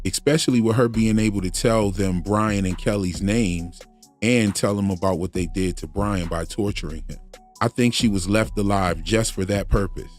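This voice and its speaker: A man's voice: on the low side, a little mellow. A man hosting a TV theory channel, giving casual analytical commentary and reasoning aloud in a conversational way. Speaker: YouTube theory channel host.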